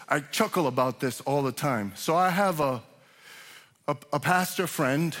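In a church sanctuary, a pastor preaches conversationally, often restarting and rising in emphasis on key points. His voice is a little high and a bit bright, with a long hall reverb.

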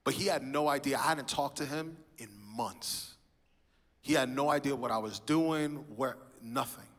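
Bright-voiced man testifying in a reverberant church. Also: medium pitch, moderate pace. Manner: animated storytelling, acting out quoted voices. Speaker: speaker sharing his testimony. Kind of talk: sermon-style personal testimony. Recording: reverberant hall.

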